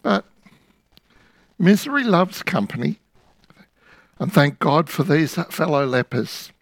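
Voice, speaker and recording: A man preaching a sermon, retelling a scripture story in the second person with vivid, dramatic pauses. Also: a little high, very animated, creaky, no room sound.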